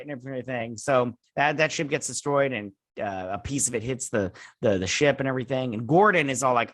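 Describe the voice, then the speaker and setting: A man talks through a TV episode at home in a loose, rambling way, stringing events together with filler phrases and throwing in sarcastic, swearing asides. His voice sits at an ordinary pitch and is recorded dry and close, with no room sound. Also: fairly quick, a bit bright, dry recording. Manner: rambling, says "and everything" and "he's like" a lot. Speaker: host reviewing a TV episode. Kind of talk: casual recap and review. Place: home with children playing nearby.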